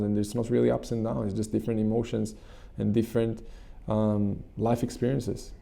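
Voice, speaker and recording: Male coach, dark mellow voice, gravelly, earnest guided-meditation talk. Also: fairly low pitch, level tone. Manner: earnest, repetitive, halting restarts. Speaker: channel host and coach.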